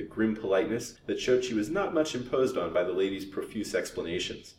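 A man reading a novel aloud as a storyteller, with a measured, steady delivery. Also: fairly low pitch, roomy sound, distant mic, slight background noise, poor audio.

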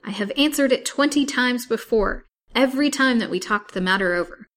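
A woman voicing a blustering, scornful old man who scolds loudly and is a coward at heart. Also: a little high, brisk, pitched above the performer's own voice, natural voice. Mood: furious. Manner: loud, scolding, contemptuous.

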